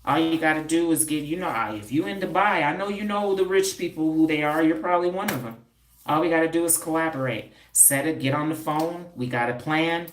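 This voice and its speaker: Sassy low-voiced woman streaming live. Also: a little fast, roomy sound, slight background noise. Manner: sassy, confrontational, streetwise banter with rhetorical questions. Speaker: holistic hair and scalp practitioner hosting a live stream. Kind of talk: livestream chat answering viewer comments.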